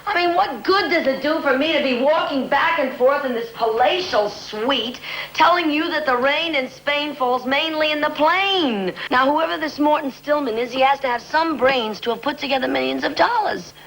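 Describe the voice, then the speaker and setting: A woman's voice: high-pitched, moderate pace, fairly bright tone, slight background noise, poor audio. An actress playing a tired, blunt young working woman from the Bronx with a New York accent, in a 1970s TV movie. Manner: blunt, wisecracking, weary complaints.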